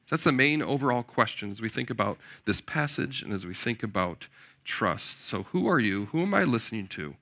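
A man in his forties, a pastor preaching a sermon in an animated way, often putting questions to his listeners. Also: medium pitch, normal speed. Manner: animated, asks the audience questions, often says "right?".

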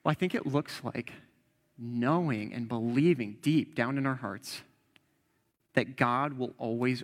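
Man, young adult, preacher, earnest conversational sermon, mid pitch, long hall reverb. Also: a little slow.

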